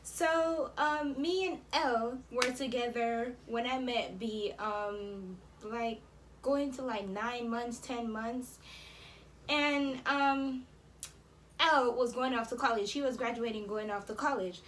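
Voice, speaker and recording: An eighteen-year-old Jamaican woman, a vlogger, tells a story casually to camera in a slightly high voice at a slow pace. There's slight background noise, and she's chatty, using lots of fillers like "um" and "like."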